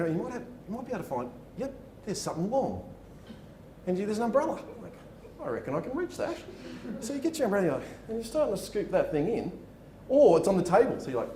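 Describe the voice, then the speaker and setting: A man giving a motivational talk, acting out the people in his stories. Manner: animated, acts out dialogue in his stories. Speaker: motivational speaker. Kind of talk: storytelling keynote talk. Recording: echoey room with faint rumble.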